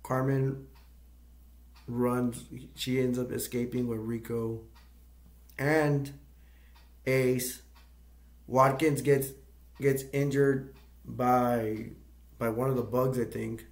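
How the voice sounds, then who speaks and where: A man of middle pitch talks casually through a film's story and keeps stopping to search for the right word. His voice sounds echoey, as if recorded in a bare room. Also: little pitch movement, slow pace, long pauses. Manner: rambling, searching for words. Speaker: movie review channel host. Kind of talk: casual plot recap.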